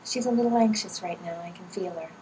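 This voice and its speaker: Woman medium at a live event; emotional, slips into whispers; distant mic, steady room noise. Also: lowish voice, quick pace. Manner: emotional, drops often to a breathy whisper. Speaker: spiritual medium. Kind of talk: live channeling reading at an event.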